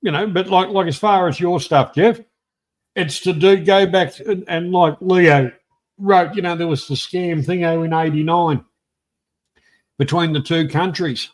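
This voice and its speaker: A man's voice: on the high side, a little slow. Australian man in his sixties, rambling. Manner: rambling, swears, many restarts. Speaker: host. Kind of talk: casual chat. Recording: livestream video call.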